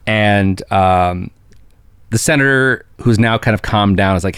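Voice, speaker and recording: A man's voice: on the low side, fairly even intonation, unhurried, a bit bright, clean tone, dry recording, clean studio sound. A man co-hosting a casual chat, retelling scenes and quoting characters as he goes. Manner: retells scenes with quoted voices. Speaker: podcast co-host.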